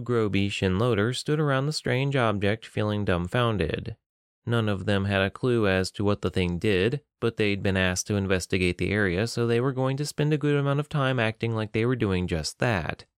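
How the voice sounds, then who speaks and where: A man narrating a novel in a measured, even storytelling voice on a close mic. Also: on the low side, clean tone, no room sound. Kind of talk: scripted audiobook narration.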